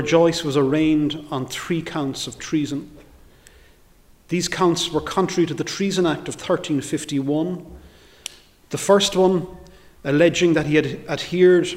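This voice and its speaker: A middle-aged barrister giving a formal history lecture, in a measured and deliberate delivery read from a prepared text. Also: male voice, a little high, a little mellow.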